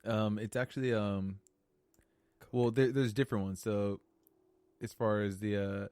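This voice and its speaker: A man co-hosting a podcast in casual chat, talking haltingly with many fillers and questions. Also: lowish voice, steady tone, darkish tone, no room sound. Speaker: podcast co-host.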